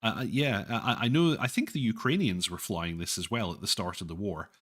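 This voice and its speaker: Man, stream host, casual, self-deprecating, hesitant, lowish voice. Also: fairly quick, fairly bright tone. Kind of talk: casual livestream chat.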